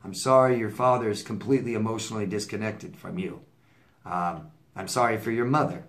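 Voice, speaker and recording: A man's voice: fairly low pitch, brisk. A man working as a relationship coach, answering viewer letters in a casual advice monologue, blunt and repeating himself for emphasis with stammered restarts.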